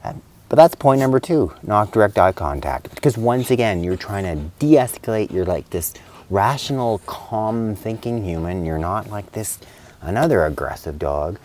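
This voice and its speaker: A man's voice: on the low side, animated, moderate pace, darkish tone. A middle-aged male veterinarian giving casual spoken advice, chatty and rambling, with lots of fillers and restarts.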